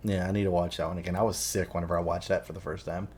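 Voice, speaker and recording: A man co-hosting a casual chat, rambling and swearing a lot as he retells film scenes with animated energy. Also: sits low, rapid-fire, breathy edge. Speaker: podcast co-host.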